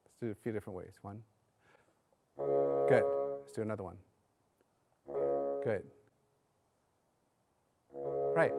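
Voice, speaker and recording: A man coaching a bassoon section in rehearsal, singing phrases aloud between hesitant spoken notes. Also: a little mellow.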